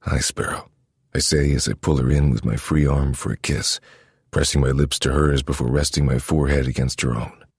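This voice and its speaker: A man narrating a first-person romance story in a low, intimate, steady manner. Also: brisk, slightly rough, no echo, studio quality. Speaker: audiobook narrator.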